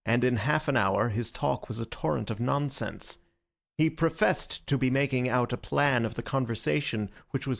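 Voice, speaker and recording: A man reading a classic novel aloud as audiobook narrator, with measured storytelling. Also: medium pitch, gravelly. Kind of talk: scripted narration.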